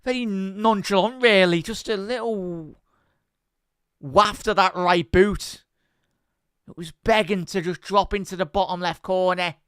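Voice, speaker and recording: A man hosting a live football watch-along, giving chatty fan commentary, answering viewer chat and shouting out at big moments. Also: high voice, unhurried, clean tone, no room sound, clean studio sound.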